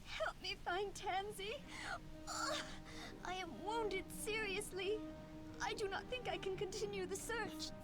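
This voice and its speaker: A wounded dryad from a fantasy video game, speaking in formal, old-fashioned phrases as she pleads for help. Her voice sits very high, and clear game music runs beneath her. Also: a little slow. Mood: anxious. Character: wounded female dryad searching for her lost niece. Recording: game audio under background music.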